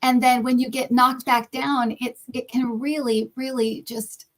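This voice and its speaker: A middle-aged woman hosting a relaxed chat as a psychic reader, telling a personal story in animated bursts. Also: high voice, rough recording. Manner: animated storytelling, hurried bursts then drawn-out words. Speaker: psychic reader and channel host. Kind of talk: casual chat.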